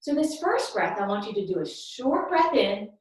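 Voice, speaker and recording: A woman's voice: fairly high pitch, very animated, moderate pace, distant mic. Upbeat young woman teaching kids, echoey room. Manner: upbeat, encouraging, sing-song prompts. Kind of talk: guiding a children's movement lesson. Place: room at home.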